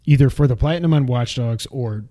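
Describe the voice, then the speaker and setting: A man's voice: medium pitch, a little fast, mellow. Joking, rambling man chatting about games. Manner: jokey, rambling, laughs at himself. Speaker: podcast co-host. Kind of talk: casual gaming chat.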